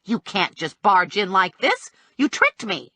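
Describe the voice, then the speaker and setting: Woman reader playing a fussy, whiny little guy, huffy and self-righteous; husky voice. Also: mid-range voice, wildly swooping pitch, unhurried, bright, forceful tone, dry recording, exaggerated voice. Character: small, fussy, indignant man.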